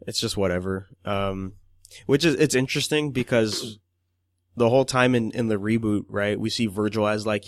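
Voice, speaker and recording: A man with a fairly low voice co-hosts a podcast at normal speed, chatting loosely and casually. He swears often and laughs while quoting people. The recording is dry, with clean studio sound.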